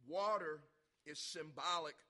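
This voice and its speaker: Fiery preacher man with a bright voice. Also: fairly high pitch, unhurried. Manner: impassioned, bursts into loud shouts, asks the congregation questions. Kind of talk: revival sermon.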